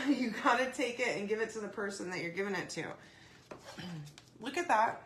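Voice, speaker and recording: A woman hosting a casual craft video, chatty and rambling, often saying "y'all" and "okay?", her throat dry and clearing often. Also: medium pitch, animated, normal speed, slight background noise. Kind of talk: casual craft demo chat.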